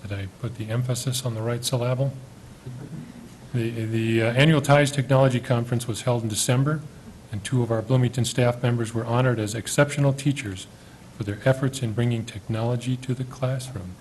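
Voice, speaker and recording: A man chairing a school board meeting, friendly and a little halting, unsure of how to say some names. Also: mid-range voice, fairly even intonation, darkish tone, slight background noise, rough recording. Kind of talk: meeting proceedings.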